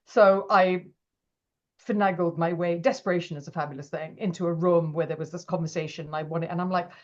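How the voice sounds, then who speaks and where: A woman, an interview guest, telling her story with animated energy and acting out the lines of people in it. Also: lowish voice, brisk. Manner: animated, acts out quoted dialogue. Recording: dull lo-fi audio.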